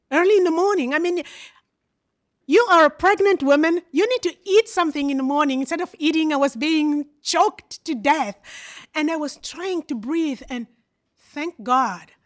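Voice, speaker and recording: A woman from Congo telling her life story as a church testimony, earnest with touches of wry humour. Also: high voice. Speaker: speaker giving a personal testimony.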